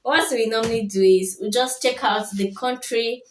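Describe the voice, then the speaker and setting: A woman's voice: fairly high pitch, steady tone, normal speed, a little hiss or hum. Woman reacting, echoey and distant. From Nigeria. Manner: exclaims short wows, chatty asides. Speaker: reaction video host. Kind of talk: casual reaction commentary. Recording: echoey room from a distant mic. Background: music from the video playing.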